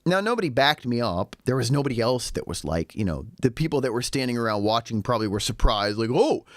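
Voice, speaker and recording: Animated rambling man vlogger. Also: mid-range voice, fast, dry recording, studio quality. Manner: lively, rambling, with sarcastic asides. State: a little tipsy. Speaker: vlogger living in Shanghai. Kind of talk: casual storytelling monologue.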